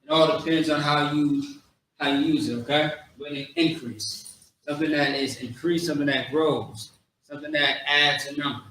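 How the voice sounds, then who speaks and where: A man teaching a language class, slowly drilling words one by one with casual asides. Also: on the high side, fairly even intonation, fairly bright tone, slight background noise. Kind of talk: classroom lesson. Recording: very echoey room, voice from far off.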